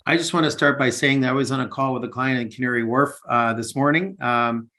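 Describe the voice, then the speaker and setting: An earnest man speaking over a video call, with an accent that is not British. He talks at a middling pitch with many ums and restarts, sincere and eager to help. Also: a little fast, pushed and bright. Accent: non-British. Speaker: investment banker presenting. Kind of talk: webinar presentation.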